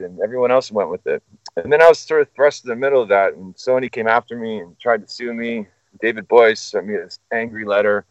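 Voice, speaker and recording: A man's voice: lowish voice, no room sound. A man telling a story as a guest in casual chat, swearing freely and rambling off on tangents. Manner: profane, animated, rambling. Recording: dull lo-fi sound, dry.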